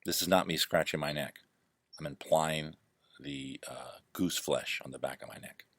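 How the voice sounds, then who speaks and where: A man's voice: extremely low pitch, fairly even intonation, normal speed, sharp tone, dry recording, studio quality. A man chatting casually to camera at home through his laptop mic, rambling and joking at his own expense. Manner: rambling, self-deprecating, full of digressions. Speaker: vlogger. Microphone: laptop microphone.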